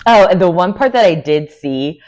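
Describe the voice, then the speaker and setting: A woman with a slightly low voice chats through a reality TV recap. She talks in a loose, animated way, full of fillers and quick laughing asides. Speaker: recap vlogger.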